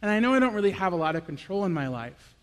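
A young man with a high, light voice preaches a personal, confessional sermon, shifting from hushed reflection to animated storytelling. His voice carries a long reverb, as if in a large hall. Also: quick pace. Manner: earnest, confessional, swings from quiet to animated.

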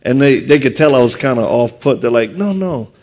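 Quick, lively, and self-mocking, this speaker and martial arts instructor spins humorous stories for an audience on stage. He has a thick Louisiana accent and a voice pitched in the ordinary middle range.

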